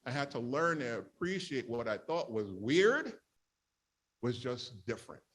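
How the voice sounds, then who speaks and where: A man's voice: medium pitch, sing-song, measured pace, fairly bright tone, husky. A middle-aged man, telling a humorous personal testimony at church and acting out his own past complaints. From New York. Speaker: church member sharing testimony.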